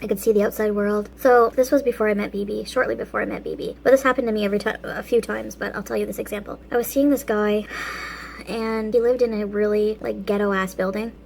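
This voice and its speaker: A woman's voice: mid-range voice, gravelly, darkish tone, a little hiss or hum. A woman hosting a casual vlog, telling a story while eating and laughing often between phrases. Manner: eats and talks with food in mouth. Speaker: vlog host.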